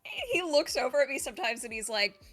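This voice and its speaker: A young woman with a bright, clear voice chats casually with friends. She tells her story in a loose, rambling way and is frank about the details. Faint music plays underneath. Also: high voice, very animated, fairly quick. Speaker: podcast co-host. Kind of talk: casual chat.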